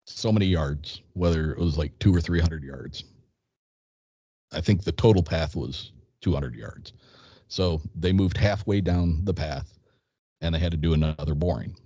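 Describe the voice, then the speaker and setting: A man in his fifties with a low, mellow voice tells a story at his own unhurried pace, acting out dialogue and often restarting his sentences. The sound is dry and dull, a bit lo-fi. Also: dry recording. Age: 50s. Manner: rambling anecdote, quotes dialogue, hesitant restarts. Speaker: guest. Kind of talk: casual storytelling.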